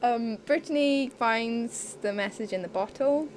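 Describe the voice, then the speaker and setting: A woman with a fairly high voice talks slowly and deliberately as she recaps an episode. She giggles often and swears casually. Faint noise hums behind her. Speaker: podcast co-host. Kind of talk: casual chat recapping a reality show.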